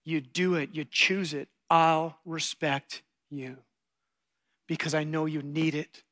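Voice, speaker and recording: Bright, animated male preacher. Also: fairly high pitch, slow. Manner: animated storytelling, acts out quotes. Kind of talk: sermon.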